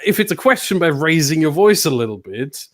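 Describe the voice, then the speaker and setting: Man, podcast host, casual chat, playful, teasing, fairly high pitch. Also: very animated, fairly quick. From not British. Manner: playful, teasing, laughs often. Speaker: podcast host and sim racing commentator.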